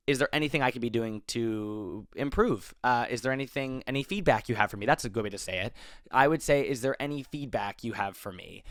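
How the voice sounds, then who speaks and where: A man's voice: medium pitch, clear, resonant tone, dry recording, studio quality. A young man in his twenties hosting an advice podcast, talking casually with lots of fillers and self-corrections. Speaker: podcast host.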